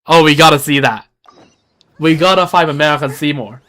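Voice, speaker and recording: A gaming YouTuber giving casual, joking commentary while playing and reacting loudly. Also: mid-range voice, normal speed.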